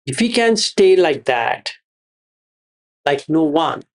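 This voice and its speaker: Speaking slowly in a slightly high, sing-song voice, a man offers a Buddhist teaching as a meditation teacher. He poses rhetorical questions and says his phrases over again.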